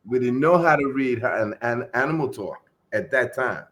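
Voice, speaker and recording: A middle-aged man telling a long story as a podcast guest in a relaxed, casual way, trailing off into fillers and acting out the voices of the people in it. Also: mid-range voice, normal speed, slight background noise. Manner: laid-back, acts out quoted voices, trails off into fillers.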